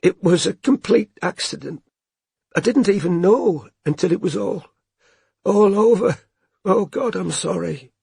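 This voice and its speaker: A man's voice: mid-range voice, expressive, moderate pace, husky, no room sound, studio quality. A man voicing a young woman detective who is tearful and shaken, with a strained, breaking voice. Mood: distraught.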